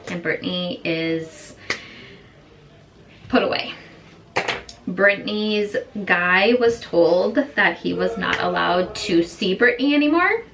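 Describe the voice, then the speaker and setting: A woman's voice: medium pitch, creaky, a bit bright. A young woman chatting casually while doing her makeup, retelling a story and acting out the quoted lines. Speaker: beauty vlogger. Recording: slightly distant with faint room noise.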